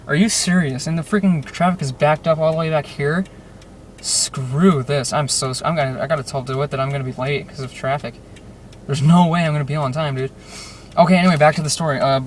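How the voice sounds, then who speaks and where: A young man rambling in a casual vlog while driving through traffic, with lots of fillers and restarts. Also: a little high. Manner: rambling, restless, fillers and self-interruptions. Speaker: vlogger. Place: car in traffic. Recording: distant car-cabin audio with road noise. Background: car and road noise.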